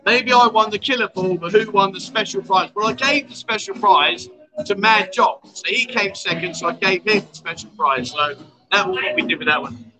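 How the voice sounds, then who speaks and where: A man's voice: sits high, normal speed, music in the background, poor audio. A man hosting a casual livestream chat show from a bar at night, joking with his guest and reading out viewer comments. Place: bar in a noisy city street at night.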